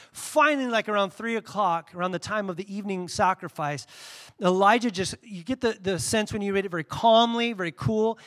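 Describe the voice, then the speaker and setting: Brief: male pastor, high voice, casual animated storytelling sermon.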